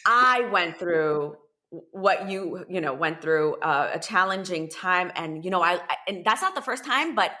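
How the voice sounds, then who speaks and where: A woman speaking as a podcast guest, telling her story in a candid, animated way. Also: on the low side, unhurried. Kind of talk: casual interview chat.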